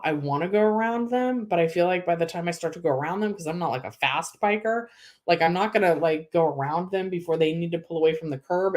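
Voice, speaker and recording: A young woman from California hosting a casual livestream, reading viewer comments and chatting with lots of "like" and "um" fillers. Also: low-pitched. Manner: chatty, emotional, many "like" and "um" fillers.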